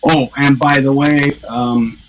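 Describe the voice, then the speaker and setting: A man's voice: medium pitch, steady tone, slow pace, crowd noise, low-quality recording. A man in an online workshop reciting a memorized sales script, hesitating with many fillers. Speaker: coaching client in workshop.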